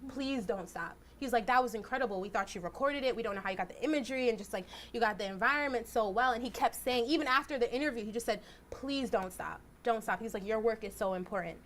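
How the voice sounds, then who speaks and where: A young woman, a journalist, telling stories in a casual, animated way and acting out quotes. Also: a little high, fast, few pauses, slight background noise. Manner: animated, acts out quotes with "I was like". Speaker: journalist guest speaker. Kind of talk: casual storytelling talk. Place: lecture hall.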